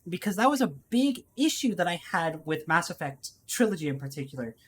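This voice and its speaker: A woman's voice: on the low side, very animated, fairly quick, slightly rough. A woman streaming a video game, chatting casually and rambling with lots of fillers. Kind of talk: casual gameplay commentary.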